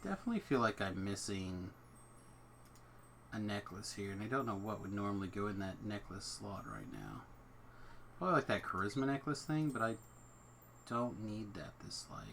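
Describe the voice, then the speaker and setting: A man's voice: on the low side, big pitch swings, moderate pace, gravelly, pauses often, fairly bright tone, a little hiss or hum. A man hosting a game stream from home, chatting casually and thinking aloud as he plays. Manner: rambling, thinks aloud about his setup. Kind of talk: casual chat while gaming.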